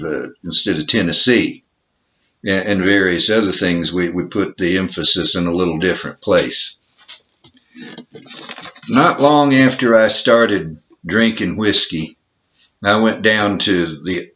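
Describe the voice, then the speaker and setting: A man's voice: low voice, a bit bright, slight background noise. A man with a Texan accent, casually showing something on a home video in an easygoing, self-deprecating way. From Texas. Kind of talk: casual show-and-tell vlog. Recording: dull lo-fi home recording.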